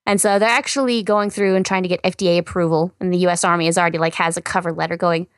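A woman's voice: lowish voice, steady tone, rapid-fire, no room sound, studio quality. Chatty woman co-host. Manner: chatty, many fillers like "you know" and "I mean". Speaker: science news co-host. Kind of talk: casual science podcast chat.

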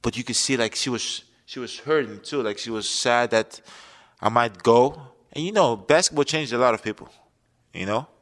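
A man's voice: medium pitch, normal speed, a bit bright. A young man earnestly recalling a personal story in an interview, speaking emphatically. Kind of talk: interview recollection.

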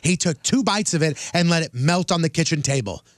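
Radio co-host, male, high and very expressive, close dry studio sound. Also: brisk, dry recording. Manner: acts out dialogue, stammers, argues. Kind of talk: storytelling radio banter.

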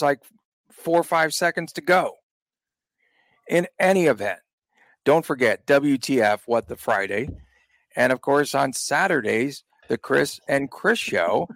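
A man's voice: fairly high pitch, lively intonation, a little slow, a bit bright, no echo. A man co-hosting a sports podcast, joking and rambling in casual chat. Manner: joking, rambling, laughs often. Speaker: podcast co-host.

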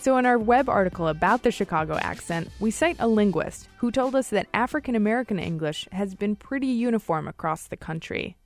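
A woman's voice: mid-range voice, expressive, fairly quick, few pauses. Woman, podcast host, scripted intro, friendly, faint music behind. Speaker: senior producer and host.

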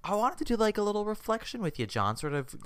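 Male podcast host, smooth resonant voice, dry close sound, chatty and animated. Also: high-pitched, fast talker, no room sound. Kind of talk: casual chat.

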